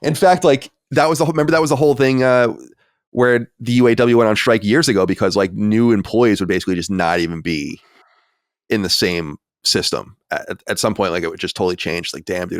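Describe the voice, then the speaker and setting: A man's voice: deep voice, fast talker, no room sound, clean studio sound. An American man hosting a podcast in casual, rambling chat, emphatic and swearing freely. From United States. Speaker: podcast host.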